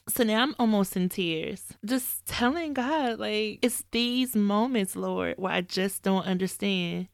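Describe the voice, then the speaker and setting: A woman hosting a faith podcast, telling a personal story in a candid, animated way and quoting her own asides. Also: mid-range voice, moderate pace, few pauses, clear, resonant tone, no echo, studio quality. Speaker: podcast host. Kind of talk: casual faith talk, storytelling.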